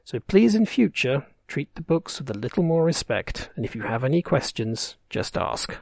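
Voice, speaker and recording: A man's voice: mid-range voice, big pitch swings, moderate pace, gravelly, darkish tone, dry recording. A man voicing a prim, polite ghost librarian woman who speaks in a distant, whispery voice. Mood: reproachful. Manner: polite, reproachful.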